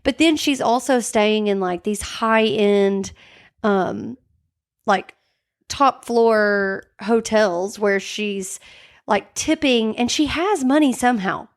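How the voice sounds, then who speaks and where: Woman, podcast co-host, casual chatty storytelling, mid-pitched voice, acts out quotes. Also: takes it slowly. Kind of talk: casual true-crime chat.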